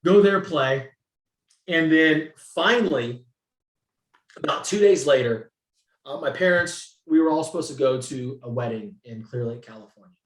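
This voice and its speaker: A man from the San Francisco Bay Area, a guest in an interview, telling his story in an animated, profane way and acting out what people said. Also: on the high side, normal speed. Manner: animated, profane, acts out quotes. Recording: roomy echo.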